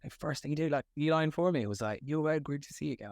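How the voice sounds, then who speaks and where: A young man from Scotland, an actor, telling set stories in a casual interview, animated and slangy, full of filler likes. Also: a little high, fast, no room sound, clean studio sound. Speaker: actor guest.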